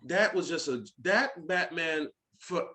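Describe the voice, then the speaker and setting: A man's voice: on the high side, expressive, slow pace, bright, forceful tone. A man chatting casually as a podcast guest, joking and acting out little voices in his stories. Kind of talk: casual chat.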